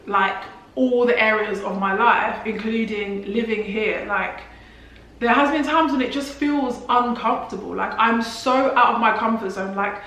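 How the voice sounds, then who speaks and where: Chatty london girl vlogging, lots of likes and restarts, mid pitch, big echo around her. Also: fairly bright tone. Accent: London English. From England. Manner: chatty, many "like" fillers and restarts. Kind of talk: casual chat to camera. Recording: very echoey room.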